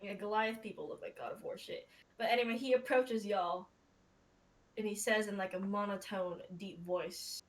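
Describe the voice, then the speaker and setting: A woman's voice: medium pitch, steady tone, moderate pace. A woman running a tabletop game as game master, narrating casually, rambling and laughing often, and swearing.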